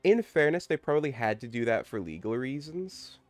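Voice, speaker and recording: A man's voice: mid-range voice, sing-song, a little fast, soft background music. A man hosting a casual live game stream, upbeat and playful, chatting with his co-host and his viewers. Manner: upbeat, playful, reads game text aloud. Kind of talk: casual live-stream chat while gaming.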